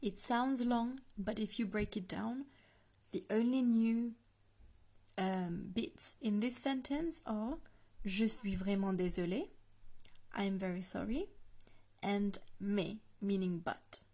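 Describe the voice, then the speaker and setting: Breaking phrases down so the listener can repeat them, a woman leads a slow, patient language lesson on a podcast. She has a medium-pitched voice with a dark tone.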